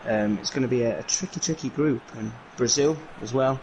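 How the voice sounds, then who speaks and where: A man calling a video game football match on his own. He gives lively play-by-play, with plenty of ums and uhs between the action. His voice sits at an ordinary middle pitch. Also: brisk, slight background noise, rough recording. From England. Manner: lively, filler-heavy play-by-play. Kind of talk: solo play-by-play commentary.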